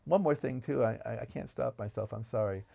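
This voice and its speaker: A podcast co-host talks about films with enthusiasm, wandering into digressions as he tells stories. His medium-pitched voice is creaky and dark in tone, and he speaks a little fast.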